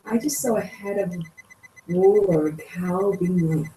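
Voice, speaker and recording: A woman in the class chiming in with chatty, excited asides. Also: fairly low pitch, measured pace. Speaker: student in class. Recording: distant voice in echoey noisy room.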